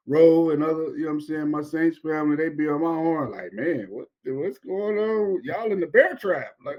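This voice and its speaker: A man's voice: on the high side, darkish tone, highs cut off. A man co-hosting a podcast, talking football in an easygoing, repetitive way with laughing asides. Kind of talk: casual sports chat.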